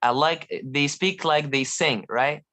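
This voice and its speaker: A man's voice: fairly high pitch, takes it slowly, sharp tone. A young Egyptian man with an Egyptian accent, chatting eagerly as a guest with lots of fillers and restarts. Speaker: guest, language learner. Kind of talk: casual video call chat.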